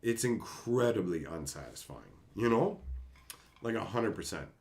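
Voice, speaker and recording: A man's voice: on the low side, lively intonation, unhurried, gravelly, a little mellow. A man casually ranting on a livestream, reading chat aloud, laughing and swearing as he gets worked up.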